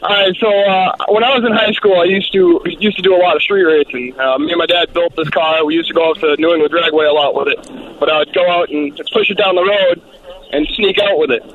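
A man from Massachusetts calling into a radio show, telling a lively story of his youth. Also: high-pitched, brisk. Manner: animated storyteller. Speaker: caller. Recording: lo-fi phone line.

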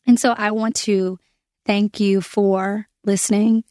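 A woman's voice: mid-range voice, level tone, slow, warm tone, dry recording, clean studio sound. A woman hosting a prayer podcast, speaking earnestly and from the heart, with some fillers and restarts. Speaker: podcast host. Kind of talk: prayer podcast, spoken prayer and reflection.

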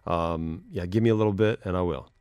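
A man's voice: sits low, a little fast, a little mellow, smooth, no room sound, clean studio sound. A man hosting a podcast in casual chat, rambling and self-deprecating as he reads messages aloud. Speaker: podcast host.

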